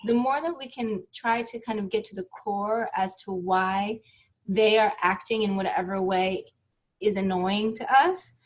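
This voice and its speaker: A woman's voice: mid-range voice, a little slow. A woman in her thirties, a therapist and author, talking reflectively and animatedly in a podcast interview, laughing often.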